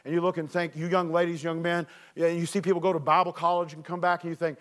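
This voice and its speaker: A man preaching as a youth director, telling a story with animated shouts and earnest appeals. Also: fairly high pitch, quick pace, hardly any pauses. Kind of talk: sermon with personal storytelling.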